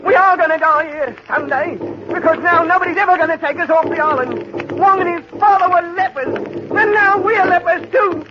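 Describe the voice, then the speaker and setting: A dogged, pleading castaway with a strikingly high, thin voice, pushing his companion to keep going. The sound is muffled and lo-fi, like an old radio broadcast with faint hiss. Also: normal speed. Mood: horrified. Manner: pleading, insistent, turning horrified. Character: stubborn, hopeful castaway man urging his partner. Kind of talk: 1940s radio acting.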